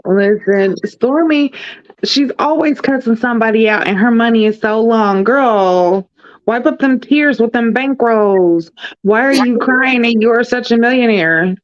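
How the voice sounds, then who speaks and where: A woman co-hosting a casual recap chat, sassy and animated, calling everyone girl. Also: fairly high pitch, a little slow, dull audio. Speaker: podcast co-host.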